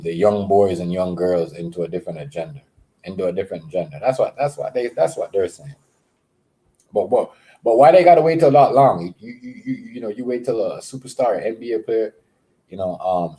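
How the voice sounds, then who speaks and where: Rambling low-voiced man on a livestream. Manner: rambling, many fillers and repeated words; greets viewers with shout-outs. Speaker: livestream host. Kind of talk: casual livestream chat.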